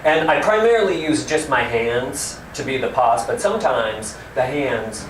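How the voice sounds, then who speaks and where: A male actor explains to children in a friendly way how he plays each character, speaking a little slowly in a mid-range voice with lively intonation and some hesitant fillers. The recording comes from a distance in a roomy hall, with faint music and slight background noise.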